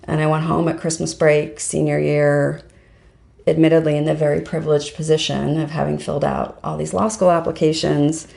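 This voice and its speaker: Deep-voiced and a little mellow, a middle-aged fundraising professional talks at a moderate pace with flat, creaky delivery. She's being interviewed on a podcast and tells her story conversationally, full of "like" and "um."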